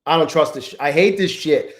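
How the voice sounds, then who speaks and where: A man hosting a live trading stream, chatting with viewers, swearing often and swinging between low mutters and exasperated outbursts. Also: a little fast, echoey room. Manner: profane, exasperated, talks to chat. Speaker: livestream trading host.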